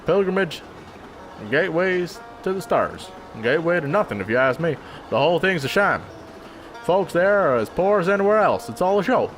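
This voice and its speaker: A man's voice: a little high, big pitch swings, moderate pace, faint music behind, pitched above the performer's own voice. A man voicing a weary male banjo player with a put-on Southern accent, grumbling in a drawl. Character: weary male banjo player, drifter, bitter about the company town.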